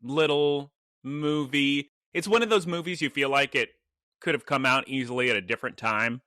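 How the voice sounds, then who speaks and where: A man's voice: medium pitch, normal speed, pushed and bright, no echo, studio quality. A man co-hosting a podcast in casual chat, telling stories with laughs and animation. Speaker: podcast co-host.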